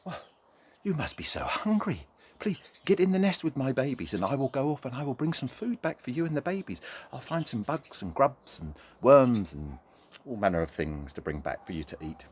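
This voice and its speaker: A man voicing a kind motherly queen blackbird in a storybook tale, speaking gently and slowly. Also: medium pitch, sing-song, a little hiss or hum, voice pushed up, natural voice. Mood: caring. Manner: gentle, slow and soothing.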